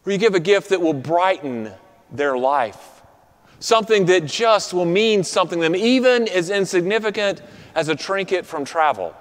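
High-voiced pastor preaching in a reverberant hall. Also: male voice, lively intonation, moderate pace. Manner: earnest, drops to soft quiet endings for emphasis. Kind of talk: sermon.

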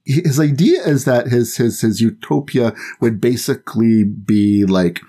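A man guesting on a podcast, telling a history story in a rambling, lively, casual way. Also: mid-range voice, measured pace.

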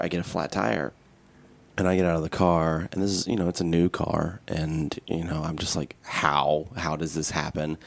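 Low gravelly man telling a story. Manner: candid, rambling storytelling with many "like"s. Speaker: podcast co-host. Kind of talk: casual podcast chat.

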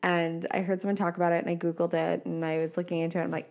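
A woman's voice: on the low side, little pitch movement, quick pace, few pauses. A woman in her twenties hosting a casual solo podcast, chatty and laughing often, with lots of "like" fillers. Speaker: podcast host.

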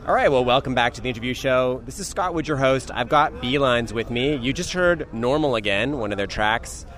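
A man's voice: mid-range voice, animated, a little fast, fairly bright tone. A man hosting an interview show, asking plain friendly questions outside on a city street. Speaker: podcast host.

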